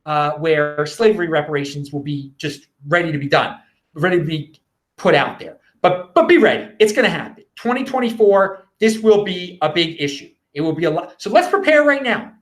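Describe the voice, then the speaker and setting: A man hosting his own show, talking in a loose, halting way with many restarts and fillers. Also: on the high side, lively intonation. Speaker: show host. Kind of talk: casual solo commentary.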